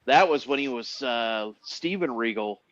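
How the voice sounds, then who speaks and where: A man's voice: mid-range voice, animated, fairly bright tone, no echo. A man in casual chat, tossing out jokey one-liners. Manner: jokey, quick quips. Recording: dull lo-fi sound.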